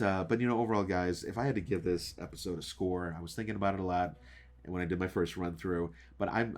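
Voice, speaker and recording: A man hosting his own channel, giving a casual, rambling episode review with many fillers and restarts, often asking his viewers questions. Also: sits low. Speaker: show reviewer and channel host.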